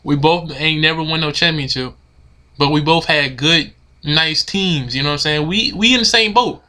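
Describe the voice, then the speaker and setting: Sharp-toned and on the high side, this man rants at a moderate pace to his camera about sports, casual, slangy and fed up, repeating himself. The audio comes from the camera mic.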